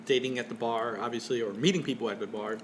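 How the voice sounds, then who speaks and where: A man's voice: mid-range voice, steady tone, quick pace, a crowd in the background. A man co-hosting a casual podcast chat, joking and teasing, laughing often. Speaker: podcast co-host.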